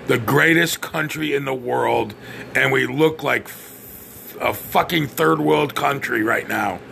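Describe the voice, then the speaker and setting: A man's voice: medium pitch, slow, creaky, pushed and bright, slight background noise. A blunt, profane man ranting on his podcast, often stammering and restarting. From United States. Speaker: podcast host. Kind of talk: opinionated podcast rant.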